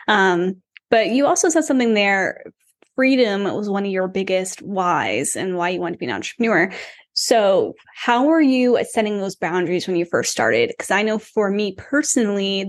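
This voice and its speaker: Fast, lively woman podcast host. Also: medium pitch. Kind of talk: casual podcast interview.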